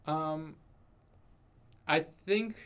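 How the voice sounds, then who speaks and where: A young man with a slightly high, smooth, fairly bright voice draws out his words while co-hosting a casual podcast. Hesitant and filler-heavy with frequent restarts, he tends to finish his points with "right?"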